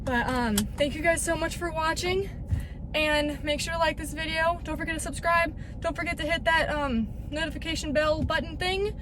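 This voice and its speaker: Chatty high-voiced woman fishing outdoors. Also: moderate pace. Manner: excitable, chatty, exclaims freely. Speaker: fishing vlogger. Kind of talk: casual outdoor vlog. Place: outdoors by a pond. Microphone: action camera. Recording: windy outdoor camera audio with music.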